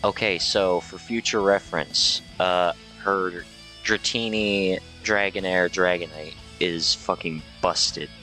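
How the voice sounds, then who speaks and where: A man streaming a game live, excitable, joking and swearing as he reads along. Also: low-pitched, slow, soft background music. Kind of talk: live gameplay commentary.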